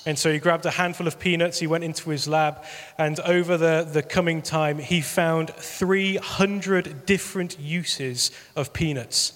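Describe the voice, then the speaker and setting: A man's voice: a little high, fairly even intonation, measured pace, a bit bright, in a large hall. A man giving an earnest sermon appeal as pastor, repeating phrases for emphasis.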